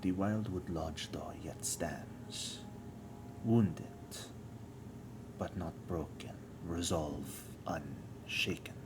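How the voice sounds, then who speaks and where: A man voicing an ancient male forest spirit in a whispered role-play, with slow, solemn, villainous monologuing. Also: low voice, creaky, background noise, exaggerated voice. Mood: ominous.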